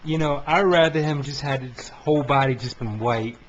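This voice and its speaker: A man chatting as a guest on a casual film podcast, animated and joking. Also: mid-range voice, normal speed. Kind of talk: casual film review chat. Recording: dull lo-fi amateur podcast recording.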